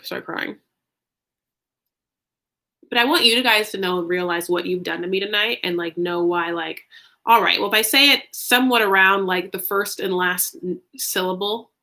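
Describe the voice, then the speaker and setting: A woman's voice: fairly low pitch, vocal fry, pushed and bright. A woman hosting a casual livestream recap, chatting loosely, saying "like" a lot and answering viewer comments. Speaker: recap show host.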